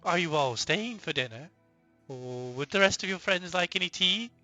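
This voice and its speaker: A man's voice: sits high, animated, moderate pace, sharp tone, soft background music, exaggerated voice. A man voicing an eccentric old woman who lives in a mushroom forest, chatty and folksy. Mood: hospitable.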